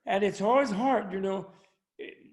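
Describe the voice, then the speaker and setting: An older man, a scholar of Buddhism, chats online from home at normal speed in a high-pitched voice. His talk is a joke-filled discussion, meandering through anecdotes and punctuated by frequent chuckles.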